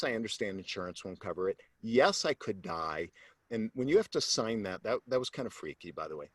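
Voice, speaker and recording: A man, a sales coach, telling a personal story as an interview guest, animated and acting out the voices of the people in it, then turning low and earnest to make his point. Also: slightly rough, no echo. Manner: animated storyteller who acts out quoted voices; drops to a low, earnest tone when making a point.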